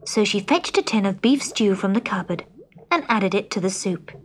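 A woman narrating a children's storybook in an expressive, measured way. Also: mid-range voice, slight background noise. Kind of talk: storybook reading.

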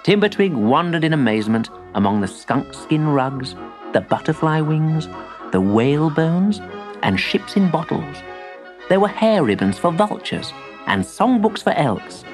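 A woman reading a children's story aloud with lively storytelling. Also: low voice, unhurried, faint music behind.

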